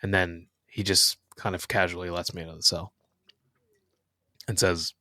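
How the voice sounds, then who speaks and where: A young man co-hosting a comedy podcast, joking in a deadpan way that sinks to a mumble on punchlines. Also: deep voice, moderate pace, pauses often, no room sound, studio quality. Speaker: podcast co-host. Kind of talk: casual comedic banter.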